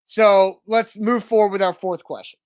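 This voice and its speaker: A man co-hosting a casual sports trivia show, eager and quick to guess and banter. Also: high voice, steady tone, smooth. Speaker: co-host of a trivia segment.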